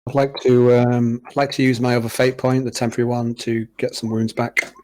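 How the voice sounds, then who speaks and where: A man's voice: medium pitch, flat delivery, brisk, a little mellow. A man playing in a tabletop role-playing game, joking and teasing the others in a mock-boastful way. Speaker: player. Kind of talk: casual chat at a game table.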